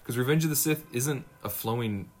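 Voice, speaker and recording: A man's voice: medium pitch, fairly quick. A man in his late thirties, co-hosting a casual film chat and acting out movie lines in mocking voices.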